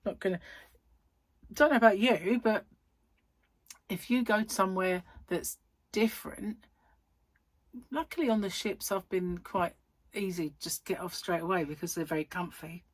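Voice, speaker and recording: A woman's voice: mid-range voice, measured pace, long pauses, no room sound. A middle-aged woman chatting casually to camera, rambling and giggly as she tells stories, tired and yawning. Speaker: vlogger.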